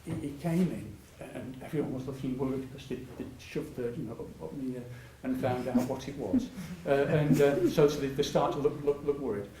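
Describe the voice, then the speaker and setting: A man's voice: mid-range voice, brisk, few pauses, warm tone, a little hiss or hum. Rambling older man, roomy hall. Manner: rambling, many restarts, laughs often. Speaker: patient speaker at a public talk. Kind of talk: anecdotal public talk. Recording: echoey hall, mic at a distance.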